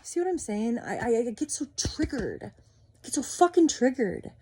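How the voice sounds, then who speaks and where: A woman in a heated, swearing rant to camera as a vlogger, swinging between loud outbursts and muttered asides. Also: fairly high pitch, sing-song, normal speed, slightly rough, no echo.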